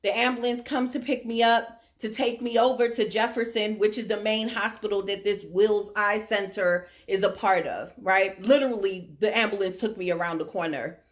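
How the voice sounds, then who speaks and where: A woman's voice: mid-range voice, fairly even intonation, moderate pace, few pauses. A middle-aged woman telling a personal story to her audience, emphatic and often checking in with her listeners. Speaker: vlogger sharing her diagnosis story.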